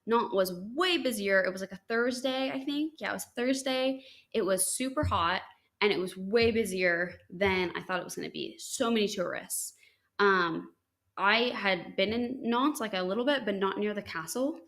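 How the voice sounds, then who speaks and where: A young woman from the United States, a podcast host, casually telling a story with lots of "like" and "um" and bright, high-pitched quoted lines. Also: moderate pace. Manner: chatty, animated quotes with high-pitched acted lines, frequent likes and ums.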